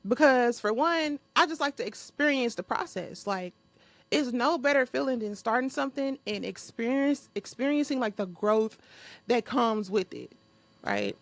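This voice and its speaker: Blunt, profane young woman with a gravelly voice. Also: on the high side, lively intonation, moderate pace, no echo. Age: young adult. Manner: blunt, profane, laughs often. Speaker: podcast host. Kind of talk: unscripted solo podcast monologue.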